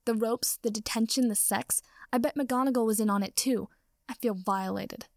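A woman voicing an indignant, haughty young male wizard who rants and accuses, with a gravelly edge in her voice. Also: fairly high pitch, moderate pace, no room sound, studio quality, lightly acted. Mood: ranting. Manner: ranting, accusing, melodramatic.

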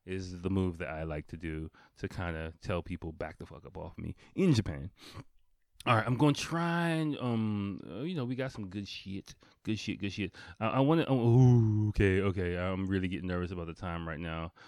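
A man's voice: deep voice, moderate pace, darkish tone, no room sound, clean studio sound. A man in his thirties telling a story casually, rambling and swearing with frequent laughs and fillers. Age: 30s. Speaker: vlogger.

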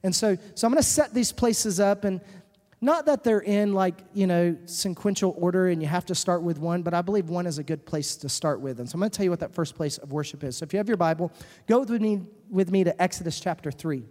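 A woman's voice: on the low side, fairly quick, warm tone. A woman pastor preaching a sermon in a large church hall, earnest and emphatic, repeating her key phrases. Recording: reverberant hall.

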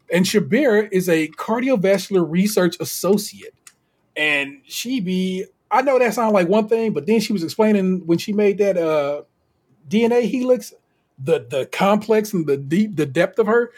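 Husky-voiced man co-hosting a podcast. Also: high-pitched. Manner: animated, slangy, laughs often. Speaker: podcast co-host. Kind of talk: casual recap chat.

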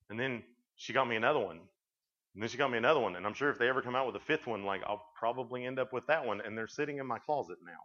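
A man's voice: medium pitch, fairly bright tone. A man giving a chatty storytelling sermon to youth, acting out bits of dialogue as he goes. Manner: folksy, chatty, acts out dialogue in quotes. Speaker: youth speaker. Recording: dull lo-fi recording.

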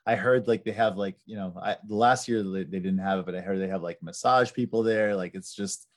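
A man chatting as a podcast guest, telling animated stories full of fillers like "like" and "right". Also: low voice, fairly quick. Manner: animated storyteller with lots of fillers. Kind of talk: casual chat.

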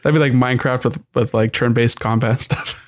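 A man chatting casually on a gaming podcast, in a middle-pitched voice. He rambles easily, hedging his points with plenty of "like" and "I mean". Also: a little fast. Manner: relaxed, rambling, frequent "like" and "I mean". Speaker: podcast co-host.

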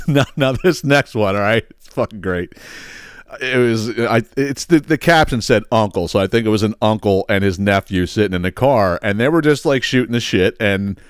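A man's voice: on the low side, moderate pace, clean tone, dry recording, clean studio sound. A man hosting a podcast, ranting casually with lots of swearing and laughter. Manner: profane, laughing often, animated. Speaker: podcast host. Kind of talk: casual comedic rant.

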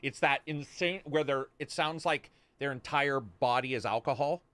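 A man's voice: medium pitch, moderate pace, no echo. A man hosting a casual voice chat, telling stories with lots of swearing and acted-out quotes of his friends. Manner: animated storytelling, swears, acts out friends' lines. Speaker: streamer host.

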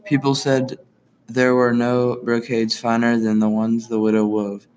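A man reading a folktale aloud as a storyteller, in a gentle, unhurried way, with the characters' quoted lines read in. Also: mid-range voice, completely flat delivery, poor audio. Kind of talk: storybook narration.

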